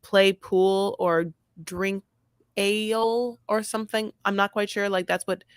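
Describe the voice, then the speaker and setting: A woman's voice: medium pitch, steady tone, measured pace, clean tone, no echo, studio quality. A woman co-hosting a podcast, recapping a reality show in casual chat and rambling on with lots of "like" and self-interruptions. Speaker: podcast co-host.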